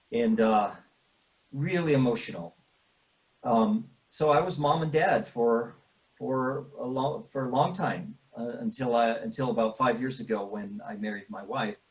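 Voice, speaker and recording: Halting, teary middle-aged man. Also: mid-range voice, low-quality recording. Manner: halting, full of fillers and restarts. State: tearful, choked up at times. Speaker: bereaved father. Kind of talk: emotional personal interview.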